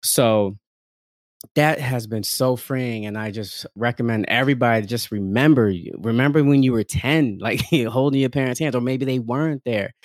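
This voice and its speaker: A man's voice: mid-range voice, moderate pace, no room sound, studio quality. A man in casual conversation, talking openly and animatedly, full of fillers, often acting out other people's voices and laughing. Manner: frequent fillers like "like" and "um".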